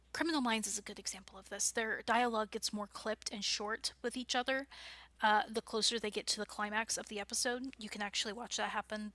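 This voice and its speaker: With a medium-pitched, sharp voice and no room sound, an American woman gives a casual, chatty talk to her writing club, often restarting and using fillers.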